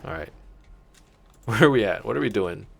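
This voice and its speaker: Young male let's play host, rambling storyteller, casual cursing, pitch swinging all over. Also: lively intonation, moderate pace, gravelly. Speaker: gaming channel host.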